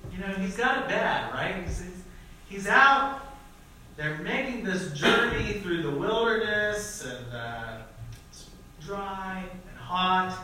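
Echoey high-voiced male preacher. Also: bright, forceful tone, slight background noise. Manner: conversational, often asks "right?". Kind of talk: sermon. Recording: echoey church hall, mic at a distance.

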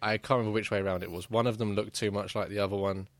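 A man's voice: fairly low pitch, fairly even intonation, racing, no room sound. A man chatting casually about video games, rambling with many fillers and restarts. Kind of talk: casual gaming chat.

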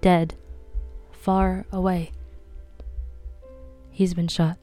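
A woman reading a cautious middle-aged male doctor who speaks doubtfully and flatly. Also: on the low side, moderate pace, faint music behind, natural voice. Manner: doubtful, flat and clinical.

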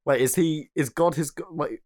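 A man co-hosting a casual comedy podcast, trading deadpan quips. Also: on the high side, moderate pace. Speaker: podcast co-host.

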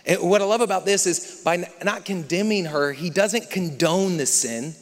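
A man preaching a sermon as pastor, moving between hushed, near-whispered passages and loud, impassioned stretches. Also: high voice, moderate pace. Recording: long reverb of a large hall.

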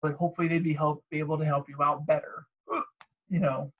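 A man co-hosting a podcast, telling animated stories and mimicking callers. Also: a little high, fast talker, dull audio. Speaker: podcast co-host. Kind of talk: casual chat.

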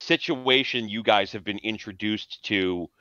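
A man's voice: fairly low pitch, a little slow, bright, forceful tone, clean tone, no room sound, highs cut off. A man voicing a burly, cocky male vampire gang leader who talks slangy and teasing. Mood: wary.

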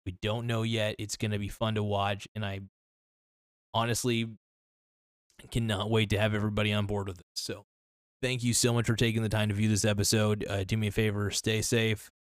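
A podcast host with a lowish, fairly flat voice rambles through a solo monologue a little fast, loose and profane, frequently restarting sentences. He sounds slightly worn, as though losing his voice, and the recording is dry and close with no room echo.

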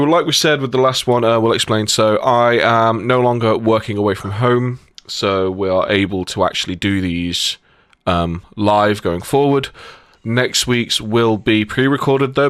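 A man's voice: mid-range voice, moderate pace, fairly bright tone, clean tone, no echo, studio quality. A young man hosting a casual podcast, laughing and joking, with many ums and restarts. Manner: laughing, joking, hesitant with fillers. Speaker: podcast host.

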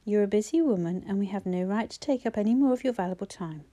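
A woman voicing a calm, persuasive male schoolteacher who keeps his voice low, smooth and measured. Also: close to an everyday voice.

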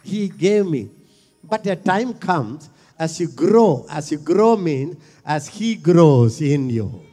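A man preaching a sermon, fervent and repetitive, rising at times to shouts. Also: a little high, sing-song, slow pace, soft background music. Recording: long hall reverb.

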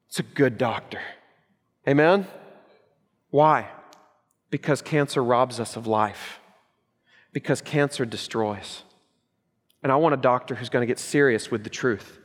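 A middle-aged man preaching a sermon as pastor, emphatic and punchy, swinging between loud urgency and hushed gravity. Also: mid-range voice, moderate pace, pauses often, long reverb tail.

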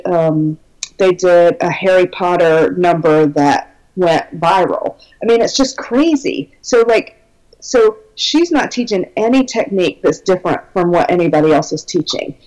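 A woman's voice: fairly low pitch, a little mellow, poor audio. A woman talking as a guest belly dance teacher in a casual conversation, chatty and enthusiastic with many fillers.

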